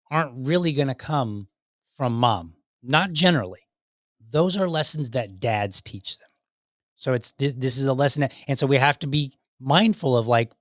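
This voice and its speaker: Man, thirties, podcast host, casual solo talk, rambling restarts, medium pitch, dry close sound. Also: no room sound. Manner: conversational, many restarts and asides.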